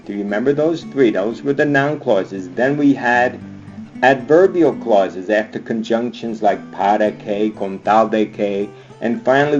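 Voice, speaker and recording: Man teaching a lively grammar lesson. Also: mid-range voice, dull audio. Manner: upbeat, chants endings like a cheer. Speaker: Spanish teacher. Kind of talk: screen-recorded grammar lesson. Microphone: computer mic on screencast.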